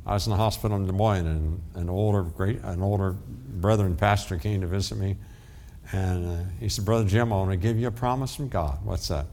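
An older man, a pastor, delivering an earnest sermon with dramatic pauses, telling stories and then praying. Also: deep voice, darkish tone.

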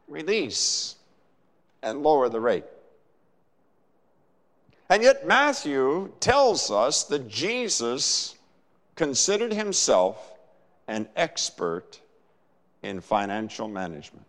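Male preacher, slow and deliberate, lively rising and falling delivery, long church reverb. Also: on the high side. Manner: measured, emphatic preaching with dramatic pauses. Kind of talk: sermon.

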